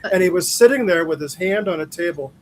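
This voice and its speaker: A man's voice: high voice, lively intonation, fast talker, a crowd in the background, rough recording. A man hosting a podcast, chatting enthusiastically with his guest. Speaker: podcast host. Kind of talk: casual conversation.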